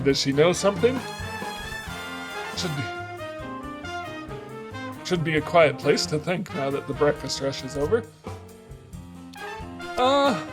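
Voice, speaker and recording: A man narrating his moves in a story game, thinking aloud and reading out choices. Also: a little high. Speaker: let's play streamer.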